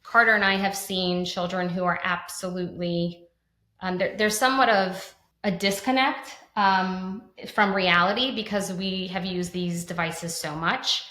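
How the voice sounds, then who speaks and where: A woman's voice: lowish voice, steady tone, a little slow, sharp tone. A woman in her thirties co-hosting a conversational podcast, talking earnestly with frequent restarts and fillers like "like". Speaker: podcast co-host. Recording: roomy echo.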